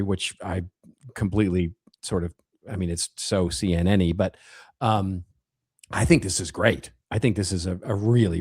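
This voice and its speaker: A man's voice: low voice, slightly rough, dry recording, studio quality. A man co-hosting a marketing podcast, chatting casually, reading news headlines aloud and laughing easily. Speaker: podcast co-host.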